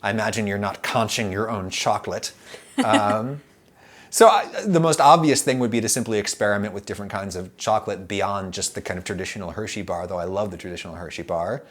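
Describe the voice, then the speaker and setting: A man's voice: fairly low pitch, fairly quick. Rambling man, casual chat. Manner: rambling, animated, many fillers and restarts. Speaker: food YouTube host.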